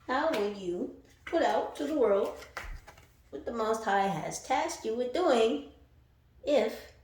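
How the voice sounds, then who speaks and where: Slow-talking woman in an echoey room. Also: a little high, lively intonation, darkish tone, slight background noise. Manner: playful, laughing, swearing, sings snippets. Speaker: tarot reader. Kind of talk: casual tarot reading.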